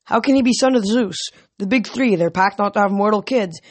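A reader voicing a commanding teenage girl leader who speaks firmly and briskly. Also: medium pitch, lightly acted. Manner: firm, brisk, snapping. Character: sharp-minded teen girl camp leader, commanding. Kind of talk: audiobook reading.

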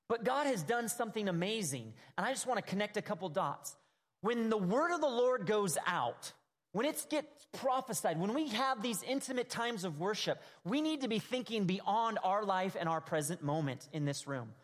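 A man preaching a sermon, earnest and emphatic, reading scripture with dramatic emphasis. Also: high-pitched. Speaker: pastor. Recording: hall reverb.

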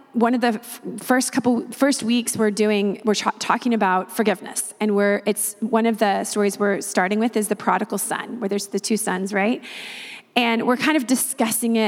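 A woman missionary tells a testimony in a fairly high voice with a gravelly, creaky edge. She talks in a lively way and keeps slipping into the voices of the people in her story. Her voice rings out in a long hall reverb. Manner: animated, retells others' words at length.

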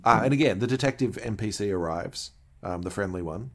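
A man co-hosting a podcast, casual and relaxed, explaining points. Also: fairly low pitch, fairly quick. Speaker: podcast co-host. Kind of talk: casual chat.

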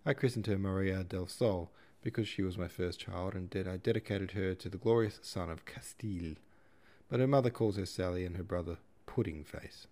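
A man's voice: deep voice, moderate pace, mellow. A man voicing a flamboyant middle-aged father who talks in a grand, theatrical and opinionated way in an audiobook reading. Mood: expansive. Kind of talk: audiobook character voice.

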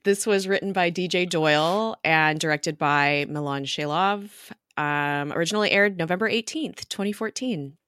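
Low-voiced woman podcast co-host. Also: moderate pace, hardly any pauses, fairly bright tone, smooth, no room sound, clean studio sound. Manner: chatty, laughs often, many ums. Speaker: podcast co-host recapping a TV episode. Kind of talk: casual chat.

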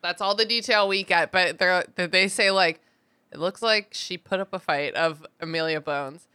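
A woman's voice: lowish voice, moderate pace, bright, forceful tone, smooth. A woman co-hosting a podcast, chatting casually about a book, laughing and swearing as she talks. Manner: laughing, swearing, slips into goofy voices. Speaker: podcast co-host. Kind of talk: casual book-discussion chat.

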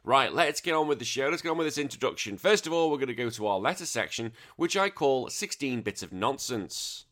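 A man's voice: mid-range voice, lively intonation, fairly quick, few pauses, fairly bright tone. A middle-aged man hosting a casual podcast, rambling, swearing freely and laughing easily. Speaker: podcast host. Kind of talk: casual chatty podcast talk.

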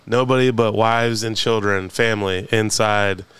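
Man, podcast co-host, laid-back, agreeable, smooth resonant voice. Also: fairly low pitch, fairly even intonation, a little slow, a bit bright. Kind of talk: casual chat.

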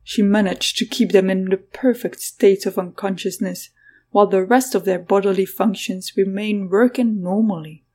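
A woman's voice: mid-range voice, fairly even intonation, moderate pace, mellow, close to an everyday voice. A woman reading the lines of a young man who speaks formally and precisely. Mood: amazed.

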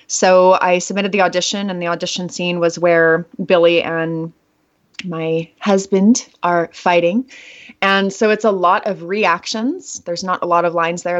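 A woman guest in a casual interview, chatty and bubbly, laughing often as she tells stories. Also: fairly low pitch. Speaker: actress and veteran guest. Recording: muffled lo-fi audio.

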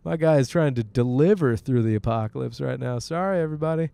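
A man's voice: medium pitch, fast talker, gravelly, warm tone, smooth, no room sound. Sick man joking through a car monologue. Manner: joking, profane, laughs often. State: sick with a sore throat. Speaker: podcast host. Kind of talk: casual rambling monologue while driving. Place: car, on the road.

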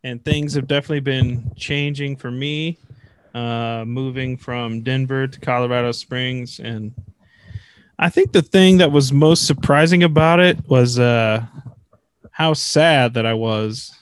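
A man's voice: medium pitch, a little slow, clean tone, dry recording. Chatty man telling stories, dry sound. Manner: rambling storyteller, many fillers. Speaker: podcast co-host, religious brother. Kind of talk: casual chat.

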